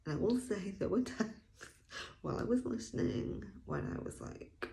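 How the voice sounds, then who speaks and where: A woman's voice: mid-range voice, animated, measured pace, gravelly, pauses often, darkish tone. A woman giving a casual audiobook review vlog, chatty and enthusiastic, laughing often and sometimes dropping to a near whisper. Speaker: book reviewer.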